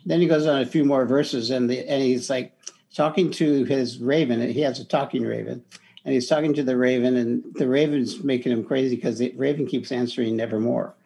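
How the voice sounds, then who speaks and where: A man's voice: medium pitch, steady tone, a little fast, vocal fry, dark tone. A man co-hosting a podcast, talking about a book in a loose, conversational way with frequent restarts. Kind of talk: casual book discussion.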